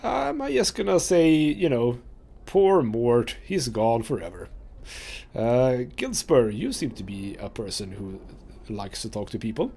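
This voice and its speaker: A man's voice: mid-range voice, big pitch swings, normal speed, gravelly, darkish tone. A man hosting a let's play, chatting casually and reading game dialogue aloud. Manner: chatty, rambling with fillers.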